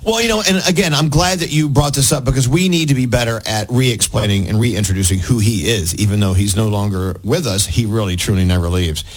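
A man's voice: on the low side, fairly quick, hardly any pauses, husky, low-quality recording. A middle-aged man co-hosting a radio morning show, chatting with a caller and telling stories with frequent restarts. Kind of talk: casual on-air banter with a caller.

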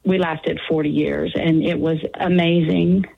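A woman's voice: low-pitched, level tone, vocal fry, slightly rough. An older woman calling in to a radio show, talking earnestly and giving heartfelt advice. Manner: earnest, advice-giving, slows at key points. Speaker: caller. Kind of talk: call-in radio chat. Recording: tinny phone line.

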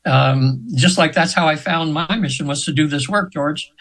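A man's voice: on the high side, normal speed, a bit bright, low-quality recording. A man in his seventies, a hypnotherapist telling a story as a guest in an interview, earnest and rambling with many restarts. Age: 70s.

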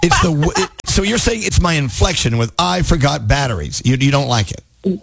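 A man's voice: a little high, big pitch swings, normal speed, creaky, very noisy. A man hosting a radio show, bantering playfully with his co-hosts and laughing often. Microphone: studio mic.

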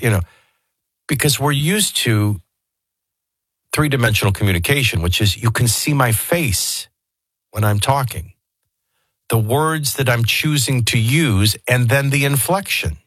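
A man's voice: medium pitch, lively intonation, unhurried, fairly bright tone, breathy edge, no echo. A man hosting a talk radio show, musing through a conversational monologue with asides and fillers.

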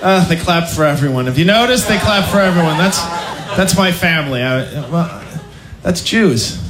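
A man's voice: fairly high pitch, animated, normal speed, a crowd in the background. A man performing a stand-up comedy set with a wry, self-deprecating delivery. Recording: roomy live club recording with loud noise.

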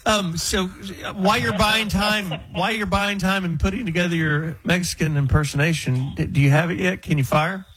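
A man's voice: high voice, fairly even intonation, fairly quick, hardly any pauses, fairly bright tone, breathy edge, low-quality recording. A man hosting a radio talk show, chatting and teasing callers and co-hosts.

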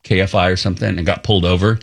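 A middle-aged man, a radio co-host, chatting casually and telling lively stories that he laughs his way through. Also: sits low, rapid-fire, gravelly. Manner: animated storyteller, laughs through his anecdotes.

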